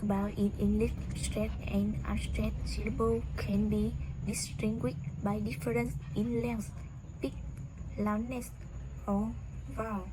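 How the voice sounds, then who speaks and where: A woman with a Vietnamese accent reading a lesson script on word stress in a flat, halting way. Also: mid-range voice, background noise. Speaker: student presenter.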